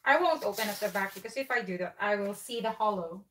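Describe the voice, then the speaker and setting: A woman from England co-hosting a casual unboxing, giggly and excitable. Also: mid-range voice, quick pace, far from the mic, slight background noise. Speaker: co-host.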